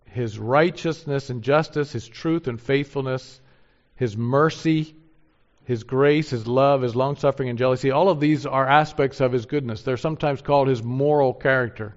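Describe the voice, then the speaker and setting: A man preaching a sermon in an earnest way, rising to emphatic peaks and then dropping soft. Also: mid-range voice, normal speed. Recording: dull lo-fi sound.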